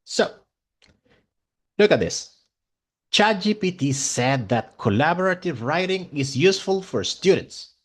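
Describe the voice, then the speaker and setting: Spanish-speaking guy teaching english online, slow and super animated. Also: on the high side. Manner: enthusiastic, expressive. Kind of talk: online class lecture.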